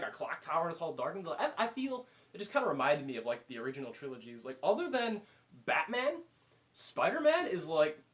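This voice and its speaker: Brief: excitable male movie reviewer, higher voice, chatty, acts out his reactions. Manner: animated, filler-heavy, acts out his own reactions. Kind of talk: casual spoken movie review.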